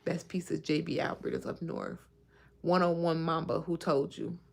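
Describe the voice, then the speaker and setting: A woman's voice: deep voice, steady tone, moderate pace, creaky. A woman in her thirties hosting a casual livestream, chatting and reacting to viewer comments, often laughing. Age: 30s. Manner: laughs often while talking. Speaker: livestream host.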